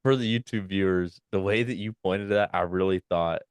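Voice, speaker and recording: A young man co-hosting a casual podcast, telling animated stories and acting out quotes in high loud voices. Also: moderate pace, clean tone, no echo. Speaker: podcast co-host. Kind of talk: casual chat.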